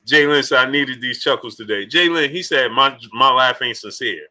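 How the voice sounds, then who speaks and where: A man hosting a boxing live stream in a loose, joking chat style, shouting out viewers by name and urging them to like the video. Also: mid-range voice, normal speed, poor audio. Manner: loose, laughing, joking banter. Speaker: boxing livestream host.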